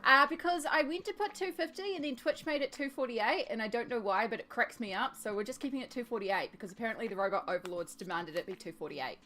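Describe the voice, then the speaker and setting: A woman's voice: a little high, fast talker, few pauses, pushed and bright, slight background noise. A woman chatting casually on a live art stream as she paints, upbeat and talkative as she answers her chat.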